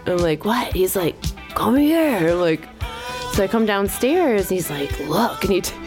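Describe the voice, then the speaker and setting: A woman co-hosting a podcast, telling a casual story in an animated way, acting out quotes and laughing as she goes. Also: mid-range voice, normal speed, music in the background. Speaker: podcast co-host.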